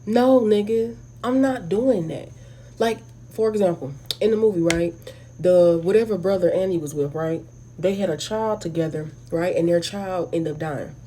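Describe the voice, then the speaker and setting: A woman with an African American English accent giving a blunt, animated, casual movie review straight to her viewers. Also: on the low side, slight background noise. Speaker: video host.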